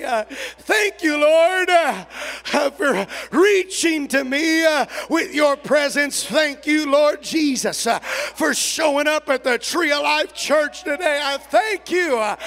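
A man preaching a revival sermon as a visiting preacher in a church service. He shouts fervently and puts an "uh" before most phrases. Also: extremely high pitch, creaky.

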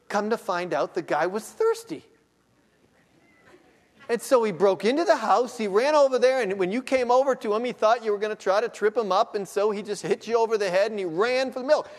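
A male pastor with a high voice delivers a sermon that swings between quiet, hushed asides and loud, drawn-out, climbing exclamations. His voice rings out with a long reverb in a church sanctuary.

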